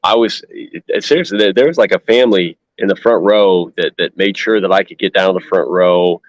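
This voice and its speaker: A man's voice: deep voice, brisk, no room sound, muffled recording. A man speaking earnestly and gratefully in casual chat as a guest fan on a video call.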